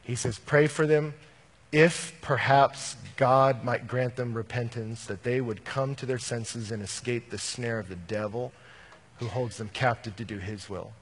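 A man's voice: medium pitch, fairly even intonation, measured pace, slightly rough, in a large hall. A man who works as a youth minister, answering an audience question in a candid, storytelling way and often quoting scripture. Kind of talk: conversational Q&A answer.

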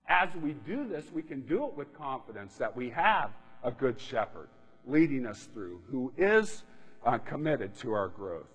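This pastor's male voice is medium in pitch, slightly rough, a little slow, and highly animated. He preaches in a chatty style, regularly checking in with "right?", while a hall's long reverb surrounds him.

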